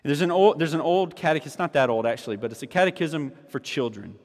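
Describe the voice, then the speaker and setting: A man preaching a sermon as pastor, moving between hushed teaching and rising, fervent proclamation. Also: on the high side, fast, long reverb tail.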